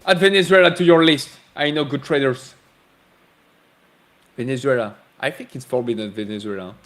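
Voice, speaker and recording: A man's voice: mid-range voice, normal speed, a bit bright. A man hosting a live trading stream, reading out chat and laughing often. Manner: playful, laughs often, reads chat messages aloud.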